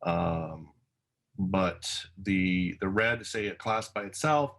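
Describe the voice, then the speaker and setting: A man's voice: low-pitched, takes it slowly, a bit bright, poor audio. A man co-hosting a casual educational wine show, talking in a modest, self-deprecating way.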